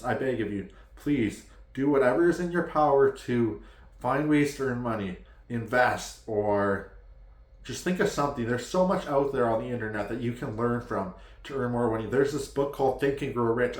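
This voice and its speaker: A man's voice: medium pitch, reverberant. A man from Canada giving a frustrated, heated rant to the camera, pleading with viewers and leaning heavily on "like". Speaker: vlogger.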